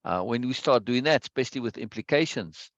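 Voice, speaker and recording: A man's voice: medium pitch, animated, a little fast, no echo, dull audio. A man hosting an online study group, chatting casually and greeting viewers one by one, often repeating his phrases. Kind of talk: casual livestream chat before a reading session.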